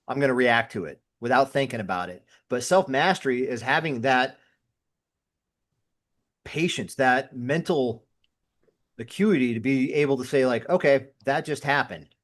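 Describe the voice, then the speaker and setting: A man's voice: mid-range voice, lively intonation, moderate pace, a bit bright. A man talking as a podcast guest who was a firefighter. He tells everyday stories and acts out his own inner voice in quotes. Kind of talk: casual conversational podcast talk.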